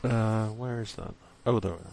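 A man's voice: on the low side, fairly even intonation, a little fast, creaky, warm tone. A man playing in a tabletop game, chatting playfully and reading a telegram aloud with small stammers. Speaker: player. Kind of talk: casual game chat and reading handouts aloud.

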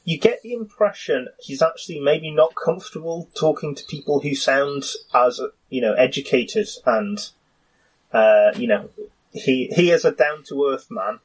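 A man narrating a tabletop game as game master, halting and full of "you know", with restarts. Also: a little high, animated, slightly rough, poor audio.

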